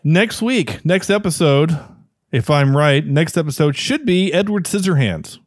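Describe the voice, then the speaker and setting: Male podcast host, mid pitch, dry close sound, eager rambling chat. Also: expressive, a little slow, no room sound. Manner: enthusiastic, rambling with restarts. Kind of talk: casual chat.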